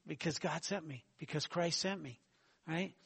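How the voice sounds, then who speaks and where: A man's voice: fairly high pitch, moderate pace, gravelly, fairly bright tone, slightly rough. A middle-aged man giving a sermon, talking conversationally with fillers, repeated words and surges of emphasis. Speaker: preacher.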